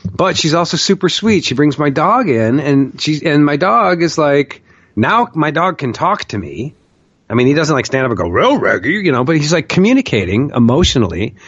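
A man's voice: on the high side, sing-song, moderate pace, fairly bright tone, husky, no echo, muffled recording. A man casually telling a long personal story, swearing freely and often saying "like.". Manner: candid, profane, with frequent "like" fillers.

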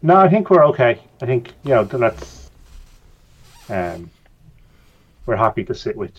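A man's voice: mid-range voice, big pitch swings, unhurried, breathy edge, highs cut off. A man playing a tabletop game, talking hesitantly as he thinks aloud. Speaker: player.

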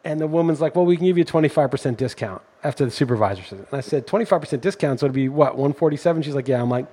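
Middle-aged male podcast host, rapid husky delivery, riled-up storyteller. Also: fairly high pitch, animated, mellow. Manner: indignant, storytelling, rising intensity when ranting. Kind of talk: casual podcast chat.

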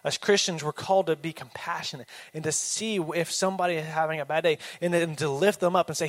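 A man's voice: on the high side, fairly even intonation, brisk. A young adult man preaching a sermon in a casual, conversational way, full of fillers and asides.

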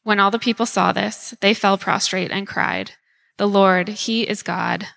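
A woman giving a steady, measured scripture reading in a service. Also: medium pitch, vocal fry. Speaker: scripture reader.

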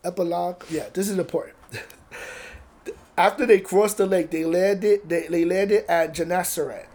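A man preaching in a relaxed, chatty way, stopping now and then for a quick aside. His voice sits a little above the usual male pitch. He reads scripture aloud and talks it over. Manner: casual, conversational preaching with asides and restarts. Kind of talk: sermon.

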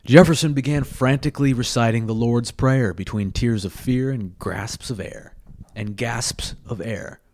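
Man narrating a novel aloud, measured and dramatic, dry close sound, mid-pitched. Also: darkish tone, no echo. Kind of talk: storybook reading.

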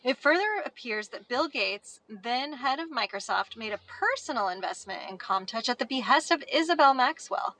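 Bright-voiced woman reading on a podcast. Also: a little high, animated, normal speed, hardly any pauses, poor audio. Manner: laughs often, reads steadily. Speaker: podcast co-host. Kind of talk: reading an article aloud and chatting.

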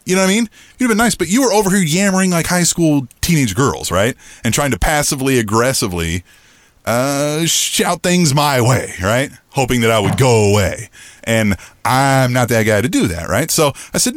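A middle-aged man with a booming voice tells a story on a podcast, his pitch swinging widely as he acts out what each person said. The recording is dry and close, with no room sound behind him. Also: fairly quick, dry recording. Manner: animated, acts out quoted lines in a raised pitch. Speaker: podcast co-host. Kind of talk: casual storytelling chat.

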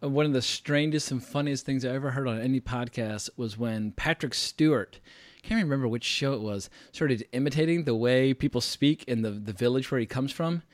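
A man's voice: mid-range voice, moderate pace, no echo. Man, podcast host, chatty, enthusiastic, dry close sound. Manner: chatty, enthusiastic, loose with fillers. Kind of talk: casual podcast conversation.

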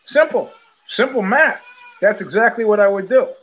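A man's voice: high-pitched, expressive, normal speed, fairly bright tone, husky, low-quality recording. A man hosting a podcast, telling a casual rambling story with many restarts and repetitions. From United States. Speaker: podcast host.

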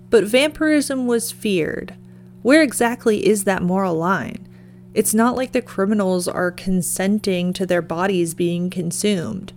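Woman podcast host, thinking aloud, questioning, mid-pitched, faint background noise. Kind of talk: conversational history commentary.

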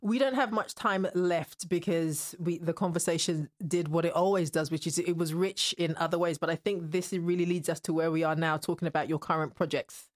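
A podcast host leads a relaxed conversational interview and answers the guest with brief affirmations. The voice sits in the middle of the pitch range. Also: fairly quick, hardly any pauses. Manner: warm listener, brief affirmations.

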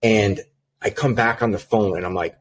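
A man's voice: lowish voice, normal speed. A man telling a work story in a casual podcast chat, with lots of fillers, acting out a phone call. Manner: animated, many fillers, acts out a phone call. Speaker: podcast guest, sales manager.

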